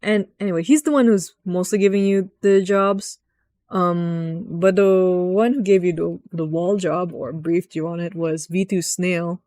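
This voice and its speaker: Woman gamer, rambling casual recap, lowish voice, dry close sound. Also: steady tone, measured pace, dark tone, no room sound. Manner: rambling, chatty, acts out quoted lines. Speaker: gaming video host.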